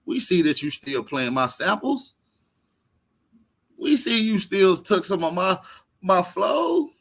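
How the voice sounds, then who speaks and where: A brash man hosts a loose panel chat and trash-talks a rival. His voice is a little high and swings widely. It has a gravelly, bright edge. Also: big pitch swings, slow. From Texas. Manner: brash, trash-talking, laughing often. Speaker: host. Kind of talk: casual panel talk.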